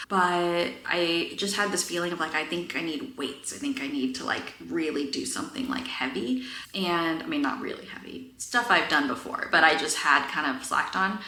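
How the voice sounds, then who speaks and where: A woman in her thirties talks candidly and earnestly to her viewers, her voice bright and clear. She fills her talk with little fillers and soft laughs. The room gives her voice a roomy echo. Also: on the low side. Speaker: vlogger. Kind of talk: personal talk to camera.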